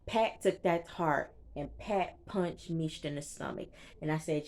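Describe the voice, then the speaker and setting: Chatty young woman with a low voice. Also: fairly even intonation, takes it slowly, a little mellow. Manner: chatty, slangy, retells scenes with quoted dialogue. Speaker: TV recap vlogger. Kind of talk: casual episode recap.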